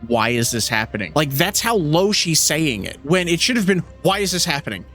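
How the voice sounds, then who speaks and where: A man's voice: fairly high pitch, brisk, faint music behind. A young man co-hosting a casual podcast, ranting with lots of swearing and acting out scenes in funny voices. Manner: animated, profane, mimics film characters mid-rant. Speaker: podcast co-host.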